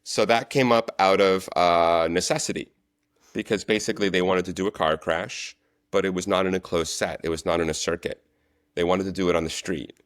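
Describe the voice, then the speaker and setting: Deep-voiced man, chatty storyteller. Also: a little fast, dry recording, studio quality. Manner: animated storyteller, relaxed and chatty. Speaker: guest, actor and stunt coordinator. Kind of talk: casual interview chat.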